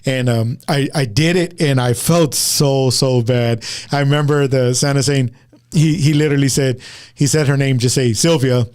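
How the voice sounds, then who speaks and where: Man, casual storyteller, rambling, repeats himself, everyday middle pitch. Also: fairly even intonation, moderate pace, darkish tone, smooth. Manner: rambling, repeats words and restarts often. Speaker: podcast host.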